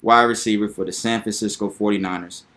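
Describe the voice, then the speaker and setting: A young man with a lowish voice hosts his own sports talk video. He is animated and hyped, and he repeats his points for emphasis in a casual, chatty delivery. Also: fairly quick.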